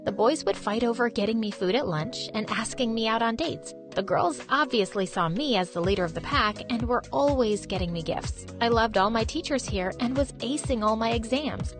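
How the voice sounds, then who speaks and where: A young woman from Turkey narrating an animated personal story in a lively, expressive, conversational way. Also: a little high, a little fast, few pauses, music in the background.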